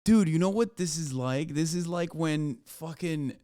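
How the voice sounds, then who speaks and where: A man streaming a reaction, talking casually with profane, mocking asides and bursts of excitement. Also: fairly high pitch, a little slow, clean tone, dry recording, clean studio sound.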